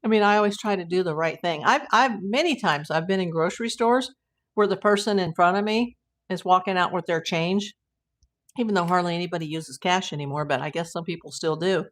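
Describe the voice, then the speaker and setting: A woman's voice: on the low side, brisk. A woman hosting a casual live stream, telling rambling anecdotes and laughing often. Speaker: host of a live YouTube channel.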